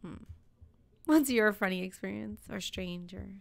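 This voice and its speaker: A woman co-hosting a podcast, telling stories in a casual, animated way with frequent swearing and laughter. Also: medium pitch, measured pace, vocal fry, no room sound. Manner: animated storytelling, swears freely, laughs often. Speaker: podcast co-host. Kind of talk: casual chat.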